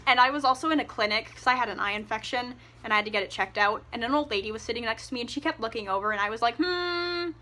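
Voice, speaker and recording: A woman's voice: fairly high pitch, racing, hardly any pauses, pushed and bright. A young woman giving a casual, ranting book review, exasperated and sarcastic, swearing freely.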